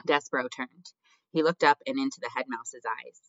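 A man narrating an audiobook in a measured, expressive storybook reading. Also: mid-range voice, no room sound. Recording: dull dry lo-fi recording.

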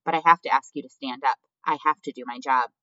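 A reader voicing a soft-spoken kindly threadmaster mouse. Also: medium pitch, steady tone, fast talker, no room sound, lightly acted. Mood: gentle. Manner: soft-spoken, polite, murmuring. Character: gentle male mouse threadmaster, kindly executioner. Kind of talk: storybook reading. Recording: dull lo-fi dry recording.

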